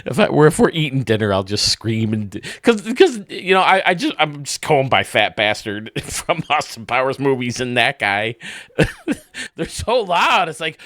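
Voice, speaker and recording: A man's voice: medium pitch, big pitch swings, moderate pace, fairly bright tone, no room sound, studio quality. A man hosting a video game channel, casually commenting with enthusiasm, rambling a bit and laughing often.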